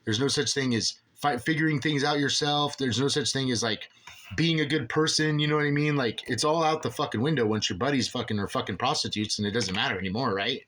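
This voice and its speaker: This is an angry, profane monologue from a father with a grievance against officials, delivered in a mid-range, fairly bright voice. He talks fairly fast, rambling and starting over again and again.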